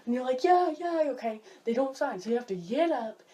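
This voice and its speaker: A woman talking casually to camera in a vlog, animated, jumping high when she mimics people and dropping low for asides. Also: quick pace. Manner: drops low and quiet for asides. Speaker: vlogger.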